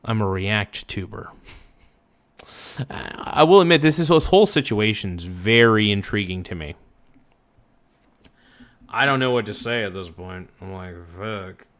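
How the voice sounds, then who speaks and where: A man's voice: on the low side, animated, unhurried, pauses often, a bit bright. Rambling male livestream reaction host. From Oregon. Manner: loose, rambling, laughing, swears freely. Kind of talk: casual livestream commentary.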